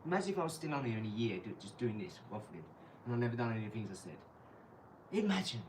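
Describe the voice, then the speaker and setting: A young man streaming live from his garage, mocking and trash-talking a viewer with sudden loud outbursts. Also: medium pitch, sing-song, rapid-fire, recorded from a distance, slight background noise, poor audio. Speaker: livestreamer. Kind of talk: live stream chat while boxing.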